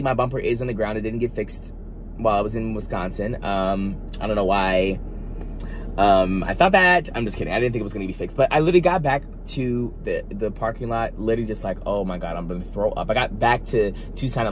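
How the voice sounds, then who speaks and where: Animated man telling a dramatic story. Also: medium pitch, slight background noise. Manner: animated, dramatic retelling with frequent asides and restarts; talks straight to viewers. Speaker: vlogger. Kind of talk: storytime monologue.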